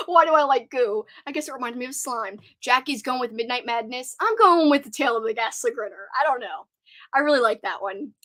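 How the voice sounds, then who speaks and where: A young woman hosting a casual live stream, chatting excitedly and reading out viewer comments. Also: fairly high pitch, fairly quick.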